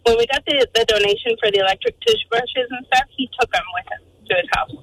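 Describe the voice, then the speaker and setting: Fast, animated woman caller on a phone line. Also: on the high side, breathy edge, dry recording. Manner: animated, quotes people in voices. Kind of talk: phone-in storytelling. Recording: phone line with faint noise.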